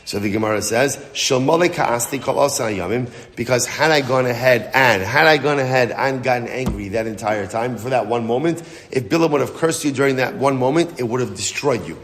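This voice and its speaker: A man teaching a daily Talmud lesson as a rabbi, telling the story with lively, casual asides. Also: mid-range voice, fairly quick, few pauses, slight background noise. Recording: long hall reverb.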